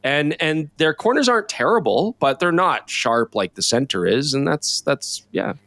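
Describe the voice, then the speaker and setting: A man's voice: a little high, big pitch swings, normal speed, a bit bright, no echo. A man co-hosting a podcast in casual chat, rambling and repeating words as he talks. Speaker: podcast co-host.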